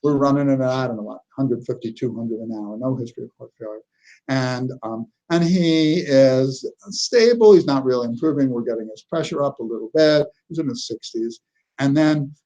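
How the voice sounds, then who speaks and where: A man's voice: mid-range voice, dark tone, highs cut off. A man giving a neurology lecture, telling clinical stories in a conversational way and often checking in with "okay?". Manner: conversational, anecdotal, frequent "okay?" check-ins. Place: lecture hall.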